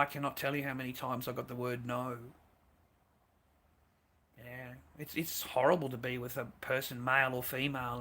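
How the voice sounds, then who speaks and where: A man's voice: medium pitch, bright, forceful tone. A man hosting a stream who talks in a crude, profane and rambling way. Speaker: streamer host.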